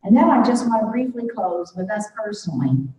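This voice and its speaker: An older woman giving an earnest, halting devotional talk to a room of faculty, growing emotional as she speaks. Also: mid-range voice, very animated, warm tone, a little hiss or hum. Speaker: speaker at a faculty development day. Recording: distant, muffled hall recording.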